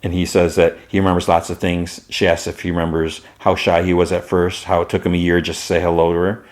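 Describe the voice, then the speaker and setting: A man's voice: low-pitched, flat delivery, quick pace. A man hosting a podcast, casually retelling the scenes of an episode and quoting the characters along the way. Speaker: podcast host.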